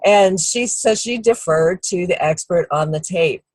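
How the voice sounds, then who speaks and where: Middle-aged woman, husky and slightly low, dry close sound; relaxed storyteller on a team call. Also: measured pace, no room sound, low-quality recording. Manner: warm anecdotal storytelling, acts out quoted people. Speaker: guest speaker.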